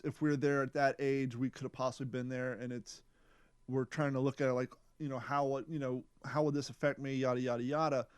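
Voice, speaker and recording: Smooth-voiced man thinking aloud on a podcast. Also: medium pitch, a little mellow, no room sound, clean studio sound. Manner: thinking aloud, rambling, conversational. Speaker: podcast co-host. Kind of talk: casual podcast discussion.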